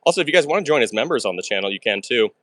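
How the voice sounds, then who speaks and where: A man hosting a live puzzle stream, rattling off his thinking at speed and breaking into excited exclamations. His voice sits at a middling pitch, and the sound is close and dry with no room around it. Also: no echo. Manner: fast and chatty, talks through his moves. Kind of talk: live stream chat while solving puzzles.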